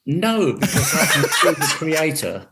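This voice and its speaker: A man's voice: a little high, very animated, a little slow, heavy background noise. An older man from England, a guest on a radio show, telling stories in a dry, wry way over a video call. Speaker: guest musician. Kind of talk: casual radio interview.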